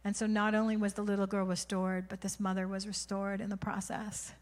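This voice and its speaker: A woman's voice: medium pitch, level tone, a little fast. Woman preaching in a reverberant hall. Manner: emotional, swings from hushed whispers to loud cries. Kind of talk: sermon storytelling. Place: church.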